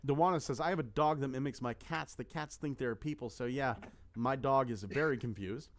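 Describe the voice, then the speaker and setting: A man's voice: mid-range voice, brisk. A man co-hosting a casual podcast, reading out song lyrics and viewer comments and swearing freely. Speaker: co-host.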